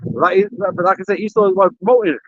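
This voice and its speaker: Angry, profane high-voiced man. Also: steady tone, very fast, no room sound, lo-fi sound. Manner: angry, profane, repeats "man" and "you know". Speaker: camp speaker. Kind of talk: heated casual religious talk.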